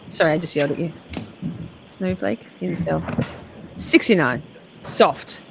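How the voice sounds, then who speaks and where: A woman's voice: deep voice, unhurried, pauses often, no echo. A woman streaming live reaction commentary on a trial, making crude, profane, joking asides and reading out chat.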